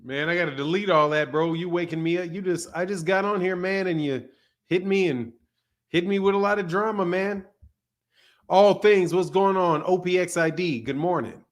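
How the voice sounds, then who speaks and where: Guy on a morning livestream, kinda high voice, just shouting out chat names, relaxed. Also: normal speed. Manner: loose and chatty, reads viewer names aloud. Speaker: livestream host. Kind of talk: casual livestream chat greeting viewers.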